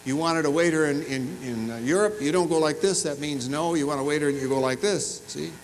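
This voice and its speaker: A man's voice: a little high, brisk, a little hiss or hum, rough recording. A man giving a commencement address in a large university fieldhouse, telling humorous stories and teasing the audience. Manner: animated, humorous storytelling with audience asides. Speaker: commencement speaker.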